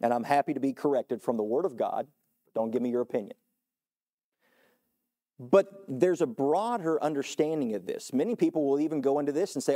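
A man preaching a sermon as pastor, earnest, climbing to emphatic high points and falling back low, often repeating and restarting words. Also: animated, brisk, mellow. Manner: earnest, rising to emphatic peaks then dropping low.

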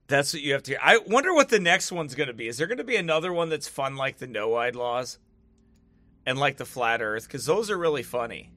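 An online video commentator with a mid-range, bright, forceful voice speaks a little fast and very animatedly, with no room sound. Talking casually to camera, he mocks things and laughs often between remarks, turning preachy when he gets serious.

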